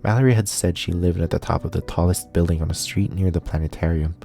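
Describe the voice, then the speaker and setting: A man streaming a visual novel, narrating its text aloud in a steady voice. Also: low voice, fast talker, creaky, faint music behind. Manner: steady narration, cursing asides.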